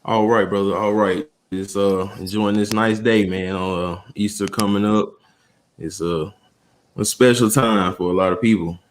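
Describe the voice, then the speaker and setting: A man from Atlanta, a guest on a livestream, speaking slowly and thoughtfully with many pauses and fillers. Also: lowish voice, steady tone. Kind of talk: casual livestream chat.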